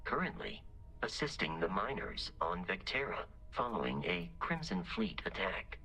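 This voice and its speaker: A deep, formal robot companion, calm and matter-of-fact. The voice moves with a lively lilt despite its even manner. Game music plays clearly underneath. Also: male voice, moderate pace, heavily acted. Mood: reporting. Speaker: game character. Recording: game audio over music.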